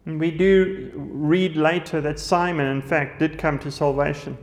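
Male preacher, high-pitched, scripture reading and sermon, recorded in a big echoing hall. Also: fairly even intonation, a little slow. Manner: reads scripture aloud, then explains it with verse references.

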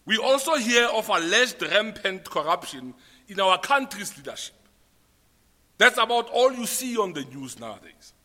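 A man's voice: sits high, sing-song, normal speed, bright, forceful tone, long reverb tail. A man with a South African accent preaching a sermon, spelling out his points and repeating them for note-takers. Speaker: pastor.

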